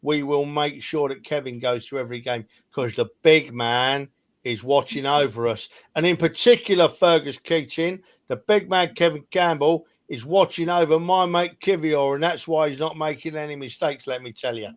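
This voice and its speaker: Teasing man with a higher voice. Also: normal speed. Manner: teasing, banter-filled. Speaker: podcast co-host. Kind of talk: casual football fan chat.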